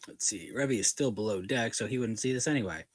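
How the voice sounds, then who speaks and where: A man's voice: lowish voice, quick pace, dry recording. A man running a tabletop game as dungeon master, making laid-back, wry rulings.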